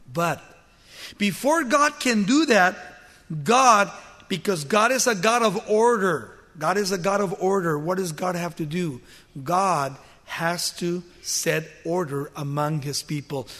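A man's voice: sits high, a bit bright, long reverb tail. A male preacher telling a Bible story in a sermon, asking the congregation rhetorical questions as he goes.

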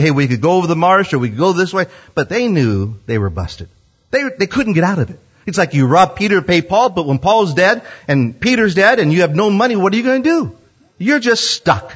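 Animated preacher, husky voice. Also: male voice, high voice. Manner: animated storytelling, acts out quotes. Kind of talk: sermon. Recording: dull lo-fi sound.

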